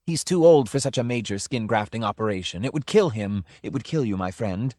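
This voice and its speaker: A man voicing a smooth, snake-like tempter who relishes his words as he coaxes. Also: lowish voice, expressive, fairly quick, warm tone, no echo, clean studio sound. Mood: smooth, tempting. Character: smooth persuasive adult male tempter, snake-like.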